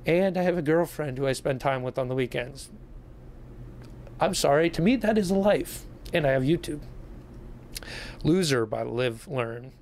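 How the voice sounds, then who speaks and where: A man's voice: a little high, animated, normal speed, pauses often, darkish tone, slight background noise. A man giving a sarcastic, combative rant as he answers viewer comments on his YouTube channel.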